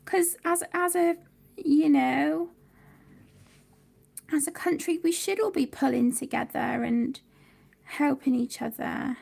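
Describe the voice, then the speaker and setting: Woman host, thirties, high gravelly voice, chatty livestream talk reading out comments. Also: slow, long pauses, darkish tone. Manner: chatty, reads viewer comments aloud. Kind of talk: casual livestream chat.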